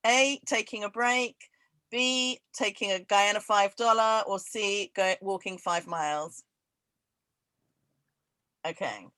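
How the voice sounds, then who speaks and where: A woman hosting an online quiz over a video call, laughing often and reading each question twice, slowly. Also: medium pitch, sharp tone, no room sound, low-quality recording. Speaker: event host running a quiz. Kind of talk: casual online event chat.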